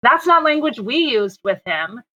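A middle-aged woman speaks as a guest psychologist on a podcast, explaining her points earnestly and checking in with her listener often. Her voice sits a little high and sounds bright and tense. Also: sing-song, unhurried, muffled recording. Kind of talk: casual conversation.

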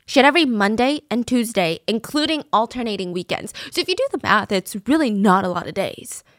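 A woman's voice: a little high, expressive, brisk, no echo, clean studio sound. A young adult woman hosting a true crime podcast, telling the story in a chatty, conversational way with casual asides. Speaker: podcast host.

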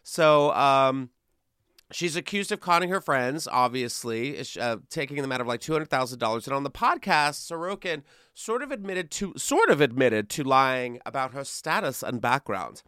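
A man's voice: medium pitch, sing-song, normal speed, sharp tone, clean tone, dry recording, clean studio sound. A man hosting a comedy news podcast, chatting casually and sarcastically, often breaking into laughter. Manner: sarcastic, laughing, mocking voices. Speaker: podcast host.

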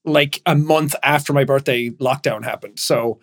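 A man's voice: mid-range voice, moderate pace. A man in his thirties co-hosting a podcast, joking and laughing often in casual chat. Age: 30s. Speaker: podcast co-host.

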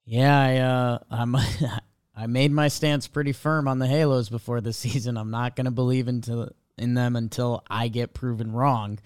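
A man co-hosting a casual sports podcast, playful and quick to laugh. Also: mid-range voice, steady tone, darkish tone, clean tone. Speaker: podcast co-host.

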